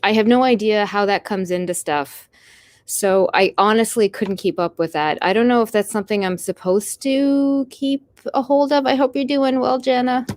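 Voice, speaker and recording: A woman's voice: fairly high pitch, moderate pace, a little mellow, no room sound. A Canadian woman with a Canadian accent, hosting a casual live stream, tired and rambling as she answers her chat with small apologies.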